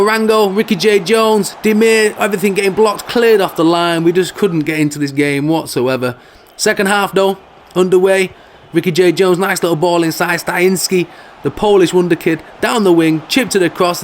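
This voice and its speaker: A man's voice: high-pitched, slight background noise. A man giving casual, jokey commentary over his own football video game. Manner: animated, jokey, football banter. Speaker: gaming video host.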